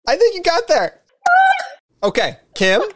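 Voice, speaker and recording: A man's voice: very high voice, wildly swooping pitch, measured pace. A man co-hosting a casual chat show, announcing a segment game in an upbeat way. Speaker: co-host.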